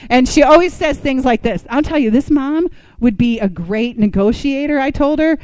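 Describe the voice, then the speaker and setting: A woman giving a personal testimony talk to a church community. She tells her story with lively asides and rhetorical questions. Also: high voice, moderate pace, no echo, low-quality recording.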